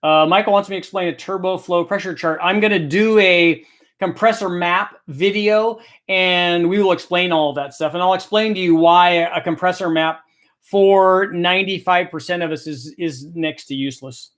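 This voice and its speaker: A man in middle age talks through engine questions from viewers in an easygoing, explanatory way. His voice sits a little high for a man. He often pauses to restart a thought mid-sentence. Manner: relaxed, explanatory, thinks aloud with restarts. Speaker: host answering viewer questions. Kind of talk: casual technical Q&A chat.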